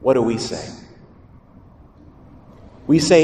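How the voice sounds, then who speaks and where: A man's voice: mid-range voice, big pitch swings, unhurried, long pauses, darkish tone, a little hiss or hum. A man, a priest, giving a homily in a church, with a dramatic delivery that acts out the voices he quotes. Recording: roomy church reverb from a distance.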